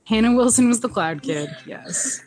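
Animated woman recapping a show, laughing. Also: moderate pace. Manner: animated, laughs often, jumps up in pitch for quoted lines. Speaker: podcast co-host recapping a TV episode. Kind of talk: casual chat.

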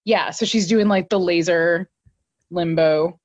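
A woman's voice: fairly low pitch, a little slow, no echo. A woman co-hosting a podcast, recapping an episode in casual, laughing, filler-heavy chat. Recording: dull lo-fi dry recording.

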